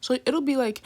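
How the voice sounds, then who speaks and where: Woman, casual lecturer, mid-pitched, chatty and loose, lots of fillers and quick acted asides. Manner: chatty, filler-heavy, keeps asking "right?"; acts out patients in slangy voices. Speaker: nursing lecturer.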